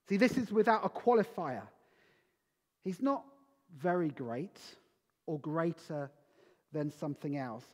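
Slow high-voiced preacher in a reverberant hall. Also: male voice, a little mellow. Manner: slow, emphatic preaching with dramatic pauses. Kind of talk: Christmas sermon. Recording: long reverb of a large hall.

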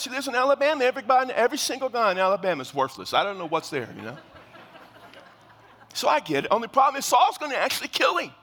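A middle-aged man preaching a sermon in a Baptist church, telling the story in a conversational, animated way. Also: high-pitched. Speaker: pastor. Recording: long church reverb.

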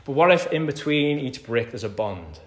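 A man's voice: medium pitch, big pitch swings, moderate pace. Man preaching in an echoey church. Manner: conversational preaching, repeats key phrases, swings from hushed to loud. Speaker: pastor. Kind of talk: sermon. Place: church hall.

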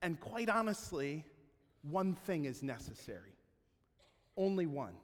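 A man's voice: fairly high pitch, big pitch swings, unhurried. A male pastor giving a sermon in a conversational, humorous way, often checking in with his listeners through tag questions. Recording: long hall reverb.

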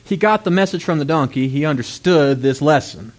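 A man preaching a sermon, retelling a story with lively, dramatic voices for its characters. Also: fairly high pitch, brisk. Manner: animated storytelling, acts out characters with loud outbursts.

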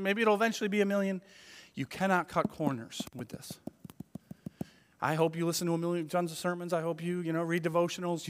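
A man preaches in a casual, animated style, voicing people's inner thoughts as he goes. His voice sits a little high. The sound carries the long reverb of a church sanctuary. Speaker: pastor. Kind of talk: sermon.

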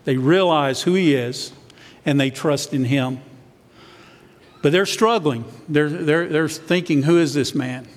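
A man's voice: fairly high pitch, unhurried, big-room sound. A man, a church elder, preaching a sermon in a conversational way, sometimes acting out what the disciples said.

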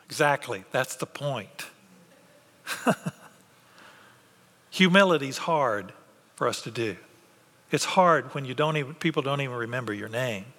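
A man preaching a sermon in a lively way, acting out the voices of biblical characters. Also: medium pitch, takes it slowly, pauses often. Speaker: pastor. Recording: long hall reverb.

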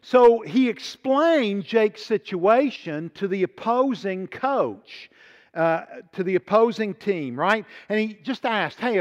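A man telling a story in a sermon, animated, rising to excited peaks and dropping to quiet appeals. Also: sits high. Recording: muffled audio in a large reverberant hall.

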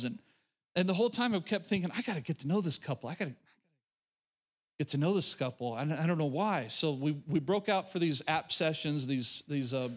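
A man preaching a sermon as pastor, emphatic, repeating phrases with stammering restarts. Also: fairly high pitch.

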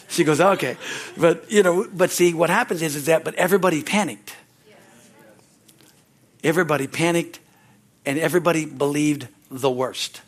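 A man preaching a sermon as pastor, telling rambling, animated stories full of restarts. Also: fairly high pitch, fairly quick, long pauses. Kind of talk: sermon storytelling. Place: church sanctuary.

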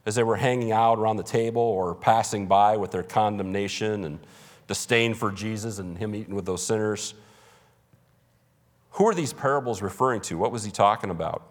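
A man's voice: fairly low pitch, long reverb tail. A man preaching a sermon as pastor, emphatic and conversational, with humorous asides. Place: church.

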